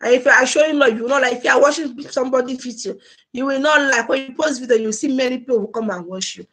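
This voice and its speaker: A woman's voice: sits high, fast, fairly bright tone. A woman hosting a casual live stream, chatty and laughing often as she greets viewers by name. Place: home in Germany.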